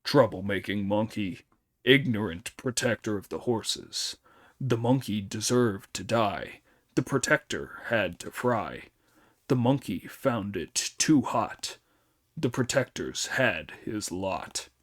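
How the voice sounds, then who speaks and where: A spiteful Taoist sneers out singsong insults in a lowered voice, put on by a man reading. He gloats and hisses with contempt. His delivery is slow. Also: expressive. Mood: gloating.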